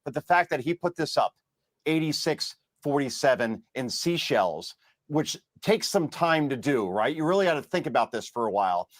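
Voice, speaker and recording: A man from New Jersey delivers emphatic, indignant commentary on a TV news segment. His voice sits fairly high, and the recording is dry and close. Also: sing-song, moderate pace, no room sound. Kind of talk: emotional televised political commentary.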